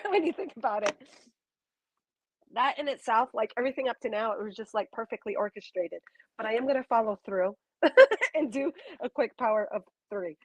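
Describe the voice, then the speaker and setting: A woman giving a live channeled spiritual reading, talking in long flowing repeated phrases with soft fillers. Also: a little high, dry recording, low-quality recording.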